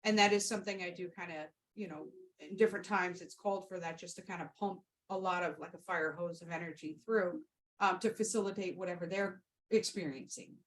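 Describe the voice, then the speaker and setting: A woman who practices Reiki hosts a podcast, recounting a session and answering questions in casual storytelling and Q&A. Her lowish voice is brisk with fairly even intonation, and her rambling, heartfelt speech is full of fillers and restarts. The recording is rough.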